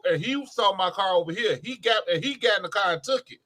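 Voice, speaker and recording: High, bright-voiced man arguing casually. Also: animated, fast. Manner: argues with everyday examples, emphatic. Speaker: co-host. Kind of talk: casual chat.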